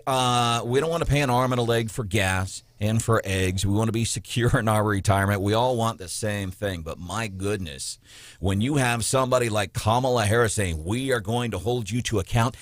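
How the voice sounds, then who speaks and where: Midwestern guy hosting morning radio, kinda low voice, dry close mic, sarcastic and chatty. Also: no room sound. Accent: Midwestern American. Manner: sarcastic, rambling and joking. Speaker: radio host. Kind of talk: casual talk radio banter. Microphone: studio mic.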